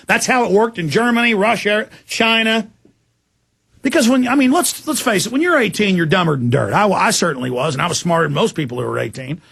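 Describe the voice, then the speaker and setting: A man's voice: high voice, gravelly, a bit bright, husky, no room sound. A man hosting a political talk show, delivering an impassioned, ranting monologue.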